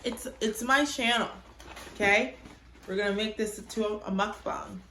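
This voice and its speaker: A young woman vlogs at home into her phone camera, chatting candidly to viewers and tossing in exasperated asides. Her mid-range voice is fairly bright and moves at a moderate pace. The room is echoey, with a little hiss or hum underneath.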